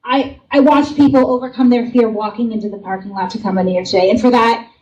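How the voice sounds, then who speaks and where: A woman's voice: a little high, fairly even intonation, fast, a little mellow. A woman giving an earnest, emphatic speech at a fundraiser event. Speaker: speaker at a fundraiser. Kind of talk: public speech. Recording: muffled, distant event clip.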